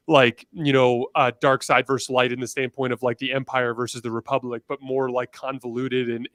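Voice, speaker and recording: Male podcast guest, mid-pitched, lively riffing, acts out quotes; dead-dry mic. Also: clean tone, dry recording. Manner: animated, acts out quoted characters. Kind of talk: casual podcast chat.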